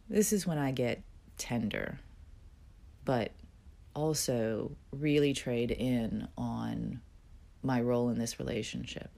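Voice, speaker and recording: A woman reading aloud a piece she wrote, in a frank, wry and expressive way. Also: extremely low pitch, a little slow, gravelly. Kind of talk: reading her own written piece aloud.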